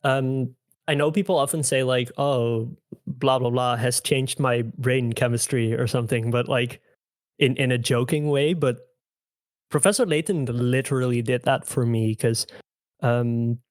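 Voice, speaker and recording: A man's voice: mid-range voice, no room sound, studio quality. A young man chatting on a podcast as returning guest host, rambling with many fillers. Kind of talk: casual podcast chat.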